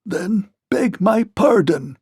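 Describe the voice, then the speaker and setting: A gruff mechanical man from a storybook, calm and literal-minded, as a man puts him on and speaks slowly in a raised, stiff voice. His words come out measured and plain, recorded close and dry. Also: high voice, dry recording, pitched above the performer's own voice, heavily acted. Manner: slow, measured, mechanical delivery. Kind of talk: storybook read-aloud.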